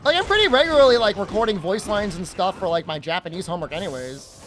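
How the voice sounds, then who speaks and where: Young man, casual gaming stream chat, joking, animated, swooping pitch. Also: fast talker, a little hiss or hum.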